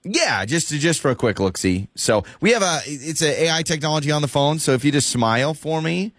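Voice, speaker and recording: A man's voice: on the high side, lively intonation, a little fast, a bit bright, no echo, studio quality. A man who is a radio host, posing as a dental office caller in a prank phone call, stammering, dodging questions and repeating himself.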